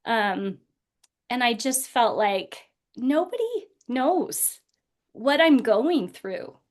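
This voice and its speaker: A woman's voice: fairly high pitch, sing-song, very slow. Earnest woman telling a personal story. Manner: earnest, laughs through painful memories. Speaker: guest speaker.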